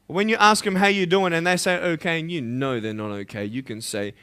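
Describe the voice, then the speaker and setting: A man in his thirties with an Australian accent, giving an impassioned motivational speech at a school assembly. He swings between loud pleading and hushed intensity. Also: a little high, a little fast, clean tone. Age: 30s. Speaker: motivational speaker.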